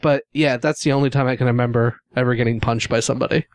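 A man's voice: mid-range voice, fast talker, clean tone, no room sound. A man co-hosting a casual chat, telling stories with lots of laughs and acted-out quotes. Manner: animated, laughs often, acts out quotes.

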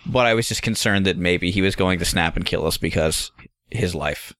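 A man co-hosting a podcast, telling a story in an animated, profane, casual way. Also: sits low, normal speed, no room sound, studio quality. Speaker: podcast co-host.

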